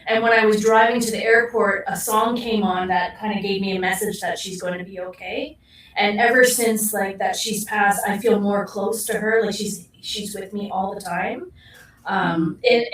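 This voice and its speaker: A woman from Canada, a guest paranormal investigator, telling personal stories in an earnest, open way. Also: mid-range voice. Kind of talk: casual interview chat. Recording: echoey room, far from mic.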